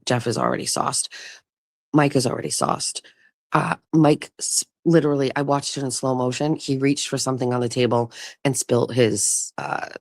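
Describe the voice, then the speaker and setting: A woman hosts a casual chat show and tells a long, rambling story. She drops in offhand swears and restarts her sentences often. Her voice has a gravelly fry, and the recording is close and dry with no room sound. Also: rumbling low, a little mellow, no room sound. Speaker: show host. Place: vacation rental, talking outdoors.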